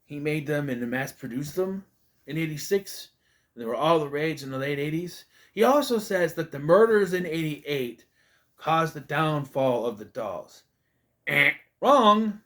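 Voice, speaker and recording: A man's voice: on the high side, expressive, moderate pace. A young man giving a casual, rambling spoken review of a TV episode, exasperated, swearing now and then and often restarting his sentences.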